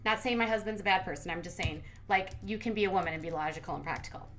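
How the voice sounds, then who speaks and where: A woman's voice: on the low side, rapid-fire, slight background noise. A woman hosting a commentary channel, recapping a reality show in casual, sarcastic, blunt talk full of "like". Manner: sarcastic, blunt, heavy use of "like".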